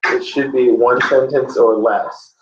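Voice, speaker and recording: A male lecturer, mid-range in voice and steady in tone, talks a little slowly over background noise, slipping playful jokes to the class. The sound is dull and roomy, typical of a classroom.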